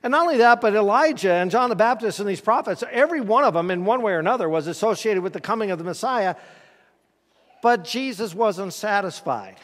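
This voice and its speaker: Giving a folksy, conversational sermon, a male pastor stops to put questions to his congregation. His voice is animated, a bit bright and noticeably high for a man, with the long reverb of a church sanctuary around it.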